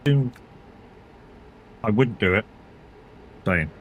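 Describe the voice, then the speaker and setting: Chatting while he plays a driving game on stream, this middle-aged man rambles, curses, and laughs a lot. His medium-pitched, somewhat bright voice has a lively lilt at normal speed, and a little background noise comes through.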